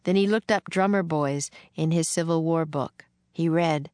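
A woman reading a children's book aloud in a gentle, measured way. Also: sits low, clear, resonant tone, no room sound. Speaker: narrator.

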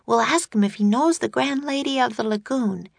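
A woman reading an audiobook, voicing a curious, excitable young girl with a bright, eager way of speaking. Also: on the high side, normal speed, creaky, no room sound, voice pushed up. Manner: bright, eager, rising questions.

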